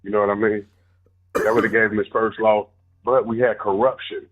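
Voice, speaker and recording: A man co-hosting casual sports talk, joking and exaggerating in an animated way. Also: lowish voice, normal speed, poor audio. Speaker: co-host.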